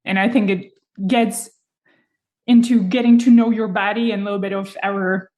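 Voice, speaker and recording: A woman's voice: medium pitch, steady tone, moderate pace, a little mellow. Woman podcast host, encouraging. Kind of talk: interview host.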